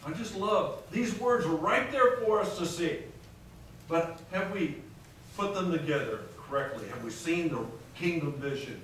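High-voiced preacher in an echoey hall. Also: male voice, a bit bright. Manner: reads scripture aloud and quizzes the congregation. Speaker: pastor. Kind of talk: sermon. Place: large conference hall. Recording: echoey hall, distant mic, faint noise.

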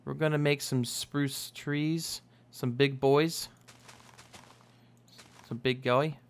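A man's voice: medium pitch, steady tone, slow pace. Young guy rambling thru his game commentary, jokes around, corrects himself a lot. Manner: rambling, self-correcting, jokey. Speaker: gaming YouTuber. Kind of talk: casual Minecraft let's play commentary.

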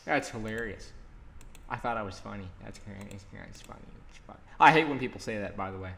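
A young man giving casual, rambling gameplay commentary, cursing often and breaking into loud outbursts. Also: on the low side, lively intonation, brisk, vocal fry. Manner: rambling, swears a lot, bursts into loud outbursts. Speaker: gaming video host.

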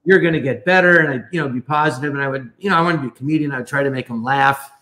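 A man's voice: mid-range voice, racing, bright, forceful tone. A man telling a long story in a casual, rambling way, often restarting his sentences. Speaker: guest. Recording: echoey room.

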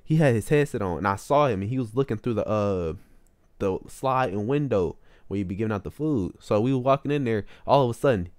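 A young male vlogger rambles through a casual storytime in slangy, filler-heavy speech, talking a little fast. He's animated, with sudden jumps up in pitch, and there's no room sound.

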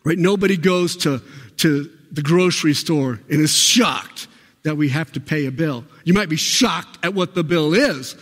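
In a church sanctuary with a long reverb tail, a pastor's slightly high, fairly bright voice moves at normal speed. He preaches emphatically, posing rhetorical question after rhetorical question to the congregation.

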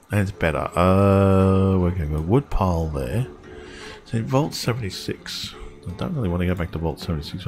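A man's voice: deep voice, darkish tone. A man thinking aloud in casual, rambling commentary as he plays a game. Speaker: gamer streaming his play. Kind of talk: casual let's-play commentary. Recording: clear guitar music behind the voice.

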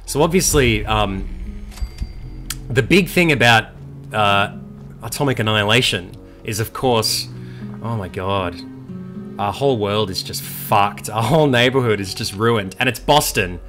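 A young Australian man commenting on a video game as he plays, excitable and jokey, swearing a lot. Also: on the low side, measured pace, faint music behind. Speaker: gaming channel host. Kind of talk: let's play commentary.

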